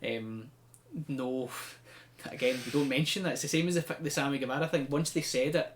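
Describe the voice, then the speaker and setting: A man's voice: mid-range voice, normal speed, a little hiss or hum. A man, hosting a podcast and chatting animatedly while recapping wrestling. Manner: animated storyteller, acts out quotes. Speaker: podcast host. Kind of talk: casual chat recapping wrestling.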